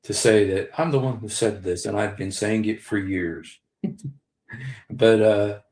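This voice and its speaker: A man's voice: lowish voice, measured pace, darkish tone. A man in his sixties giving casual livestream commentary, rambling, repeating key phrases and speaking straight to his viewers. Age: 60s. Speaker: live streamer. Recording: roomy echo.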